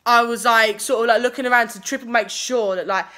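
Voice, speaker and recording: A woman's voice: fairly high pitch, steady tone, brisk, sharp tone. A young woman telling a dating story on her vlog in a chatty, sweary way, full of fillers. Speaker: vlogger. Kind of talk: casual storytime.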